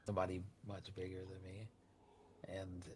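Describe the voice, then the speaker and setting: Male podcast co-host, deep and gravelly, relaxed and low-key, drifts off-mic, faint background noise. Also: normal speed. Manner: laid-back, short quiet interjections, often turned away from the mic. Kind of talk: casual chat. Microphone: studio microphone, often off-axis.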